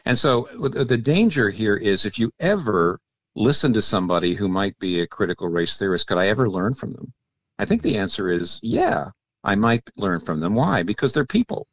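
An older man with a very deep voice explains theological ideas as a radio guest, thinking aloud and often restarting. The sound is dry and close, with no room echo. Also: very animated, moderate pace, a bit bright. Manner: thoughtful, explanatory, with many restarts. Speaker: guest pastor and author.

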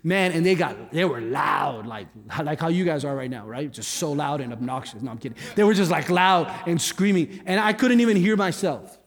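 Higher-pitched male guest pastor preaching. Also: animated, moderate pace, hardly any pauses. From Cuba. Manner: conversational, joking asides. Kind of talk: sermon. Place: church hall. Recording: long hall reverb with faint music.

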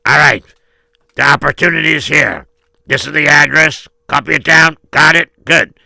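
A man doing a gravelly scheming bodyguard. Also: fairly high pitch, moderate pace, bright, forceful tone, no room sound, pitched above the performer's own voice, exaggerated voice. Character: adult male bodyguard, scheming kidnapper.

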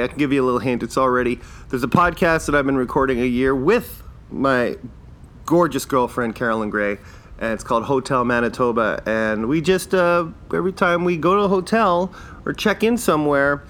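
Rambling fifty-something podcast host. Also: male voice, mid-range voice, fairly bright tone. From Canada. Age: 50s. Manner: rambling, self-deprecating, chuckles at own jokes. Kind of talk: casual solo podcast monologue.

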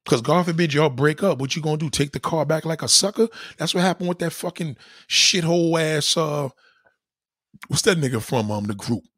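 A man's voice: on the high side, brisk, fairly bright tone, husky, no room sound, studio quality. A man giving a blunt, profane opinion rant in a casual way, breaking off now and then to act out other people. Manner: acts out quoted people in varied voices.

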